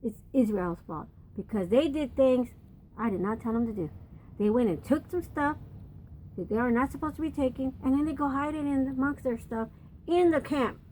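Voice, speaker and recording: A woman's voice: high-pitched, normal speed, a little mellow, slight background noise, natural voice. A woman voicing God as a blunt male figure who scolds his people in matter-of-fact words. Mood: scolding.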